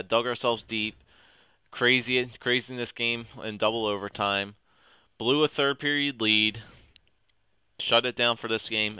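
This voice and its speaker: A young man giving excitable commentary over a hockey video game, cheering on his team. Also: medium pitch, smooth, dry recording. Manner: excitable, talks to the players on screen. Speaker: gaming commentator.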